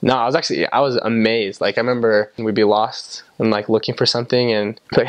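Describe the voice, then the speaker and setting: A young man from the United States talks in a casual, chatty way, leaning on "like" again and again. His voice sits at an ordinary middle pitch. The sound is dry and close, with no room echo. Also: fairly even intonation, fast talker, dull audio. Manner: chatty, lots of "like" fillers. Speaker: vlogger recalling time abroad. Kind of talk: casual storytelling to camera.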